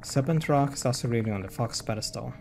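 A man streaming a horror visual novel, reading its narration and dialogue aloud in a plain voice and breaking off for quick reactions. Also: mid-range voice, gravelly, warm tone, soft background music. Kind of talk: reading game text aloud with commentary.

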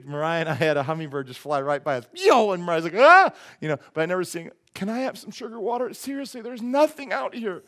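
A man preaching a sermon in a church, animated and joking, acting out quick voices for the people he talks about. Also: medium pitch. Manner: animated, acts out voices and jokes with the congregation. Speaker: pastor.

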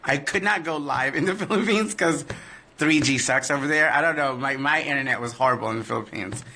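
A man's voice: mid-range voice, a little fast, creaky, sharp tone. A man who performs in drag, answering fan questions in a candid, profane live-stream chat and often trailing off with "I don't know.".

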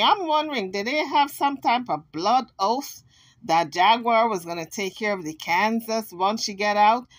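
A woman vlogger giving chatty, sassy, animated commentary on an argument. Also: medium pitch. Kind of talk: casual commentary recapping drama.

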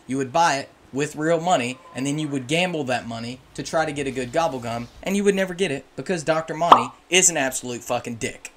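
A man's voice: a little high, quick pace, hardly any pauses, background noise. A young man, a gaming YouTuber, giving an opinionated, ranting commentary. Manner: opinionated and ranting, with emphatic swings. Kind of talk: casual commentary.

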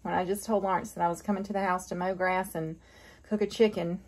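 A woman's voice: lowish voice, level tone, quick pace, poor audio. A woman chatting casually in her farm vlog, laughing often and talking straight to her handheld phone. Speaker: farm wife vlogger.

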